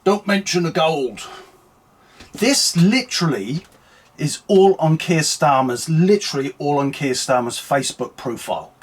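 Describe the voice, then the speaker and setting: A man's voice: fairly high pitch, lively intonation, unhurried, breathy edge. A man hosting an angry, sweary political rant, mocking and heated. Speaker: online commentary host.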